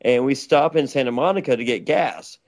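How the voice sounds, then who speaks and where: A man's voice: mid-range voice, a little fast, darkish tone. Stammering, laughing man telling a story. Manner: rambling, stammering, laughs often. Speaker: interview guest. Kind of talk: casual storytelling with crude jokes. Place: Los Angeles.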